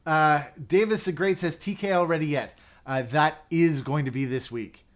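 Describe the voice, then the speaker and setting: A man's voice: fairly high pitch, normal speed. Chatty man hosting a livestream. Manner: chatty, reads out viewer comments, many fillers and restarts. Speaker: livestream host. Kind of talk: casual live chat.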